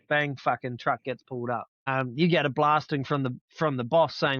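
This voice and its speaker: A man's voice: a little high, fairly even intonation, fairly quick, few pauses, fairly bright tone, no echo, muffled recording. A middle-aged man telling blunt, sweary work stories in casual podcast chat. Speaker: podcast guest.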